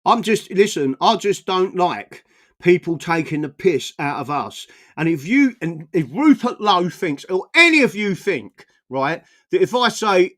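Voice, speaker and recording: A high, somewhat bright male voice delivers a very animated political rant at normal speed. The speaker, an English political commentator, is furious and profane, and he keeps tripping into stammering restarts.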